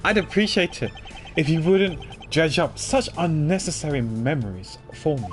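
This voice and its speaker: A man performs the role of a stern young male prosecutor, delivering lines in a stiff, formal, cutting manner. His voice is fairly high with lively intonation and a moderate pace, close to how he'd normally sound, with faint music behind him.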